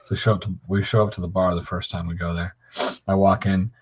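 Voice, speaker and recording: A middle-aged man with a husky, somewhat low voice tells a profane, animated story, sprinkling in swears as he goes. He talks casually, like he's chatting with friends on a stream. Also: a little fast. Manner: profane, animated anecdote telling. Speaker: co-viewer on a live stream.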